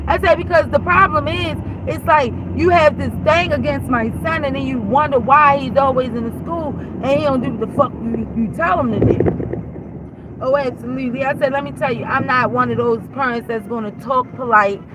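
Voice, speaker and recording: A woman's voice: high voice, normal speed, background noise. A mother telling her viewers a story in a heated, blunt way, swearing freely as she retells a conversation. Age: adult. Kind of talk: casual storytime rant.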